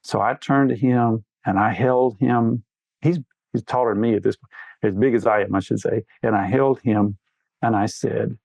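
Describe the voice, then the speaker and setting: A man's voice: fairly low pitch, steady tone, normal speed, vocal fry, a little mellow, dry recording. A middle-aged man talking earnestly in an interview, telling stories in a fatherly way. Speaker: guest. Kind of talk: candid interview talk.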